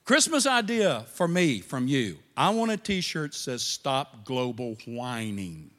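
A man preaching a sermon as pastor, animated, with quiet asides. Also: high-pitched, unhurried. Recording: long reverb of a large hall.

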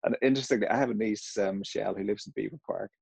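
A middle-aged man with a Northern Irish accent softened by years in America, his voice very low and gravelly with a husky edge. He talks in a casual, hesitant way, full of fillers and restarts. The sound is dry and close. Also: very fast, no room sound, rough recording. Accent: Northern Irish, slightly Americanized. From Northern Ireland. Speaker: interviewee. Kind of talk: casual interview conversation.

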